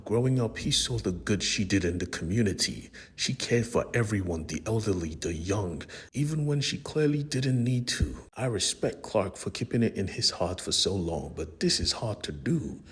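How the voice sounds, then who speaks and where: A man's voice: deep voice, breathy edge. A young man casually retelling a comic book story in a slangy way, talking straight to his viewers. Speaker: comic book recap host. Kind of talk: casual comic recap narration.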